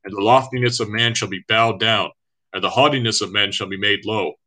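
Guy preaching from the bible, lowish voice but bright and forceful, earnest, lots of uhs. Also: low-quality recording. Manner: earnest, measured, with frequent uh fillers. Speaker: online Bible teacher. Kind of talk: reading scripture and preaching to camera.

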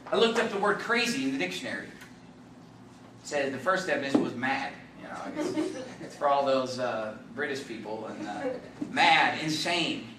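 A man preaches with rising, excitable emphasis, his high, bright voice pushing into shouts. He sounds middle-aged and is heard from afar in a large echoey hall with a faint hiss behind him. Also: moderate pace, recorded from a distance. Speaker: pastor. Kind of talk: sermon.

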